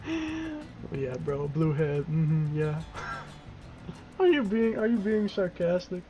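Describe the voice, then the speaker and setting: Young man, gaming streamer, casual, profane, joking, slightly high voice. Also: very animated, slow, long pauses, mellow, soft background music. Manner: joking, swearing, teasing back at chat. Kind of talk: casual profane gameplay commentary.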